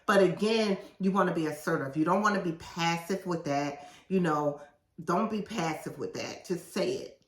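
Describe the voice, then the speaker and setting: A woman podcast host who reads aloud from her own book and breaks off into casual asides, assertive and animated. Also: lowish voice, normal speed, slight background noise. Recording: roomy echo, mic at a distance.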